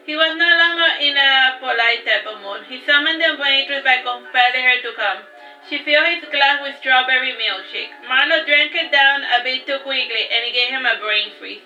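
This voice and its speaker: A woman reads her own novel aloud in a high, very bright voice, tripping over words and restarting now and then. The recording is dull and distant, in a roomy space. Faint music plays underneath. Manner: unpolished reading with restarts and slips. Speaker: author reading her own book.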